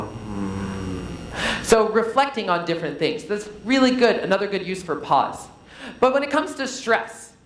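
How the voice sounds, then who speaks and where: A man presenting a storytelling workshop, playful and animated, joking with his audience. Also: very high voice, roomy sound, low-quality recording. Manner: playful, animated teacher who jokes with the audience. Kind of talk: live storytelling workshop talk. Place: conference hall.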